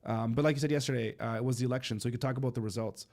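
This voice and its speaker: A man's voice: medium pitch, steady tone, rapid-fire, a little mellow. A man with a stuffy nose hosting a casual livestream, chatting loosely with lots of fillers and restarts. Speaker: livestream host. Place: home studio in eastern Canada.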